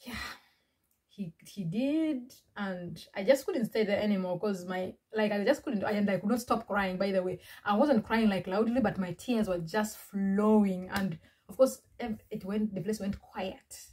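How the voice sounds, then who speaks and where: A woman's voice: mid-range voice, normal speed, darkish tone, breathy edge. A woman from Uganda telling a personal story in a chatty, restarting vlog style. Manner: chatty, repetitive, with many restarts and fillers. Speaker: vlogger.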